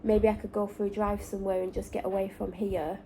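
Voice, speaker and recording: A woman's voice: mid-range voice, little pitch movement, fairly quick, dark tone, slight background noise, poor audio. Lancashire woman chatting candidly in a car. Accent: Lancashire, with traces of Manchester. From North West England. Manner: rambling, candid, self-correcting. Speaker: vlogger. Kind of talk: casual vlog chat. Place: parked car. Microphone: camera or phone in the car.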